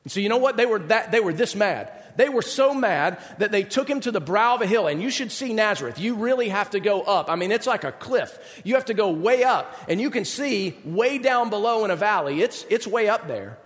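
Guy preaching a sermon, high voice, acts out the voices in the story, big echoey hall. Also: brisk, hardly any pauses. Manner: animated, acts out quoted voices with big pitch swings. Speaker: pastor.

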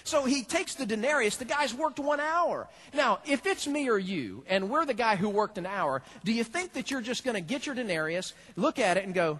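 A male pastor delivers a sermon in a church with a husky, slightly rough voice. His pitch sits high for a man and leaps around with expression. He keeps pulling the congregation in with direct questions. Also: brisk, few pauses. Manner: animated, talks straight to the congregation.

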